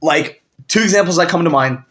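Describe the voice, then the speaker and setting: A man co-hosting a podcast, arguing his case in a casual debate, animated and rambling, with lots of "like" fillers. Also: fairly high pitch, brisk. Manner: animated, rambling, heavy use of "like". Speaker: podcast co-host.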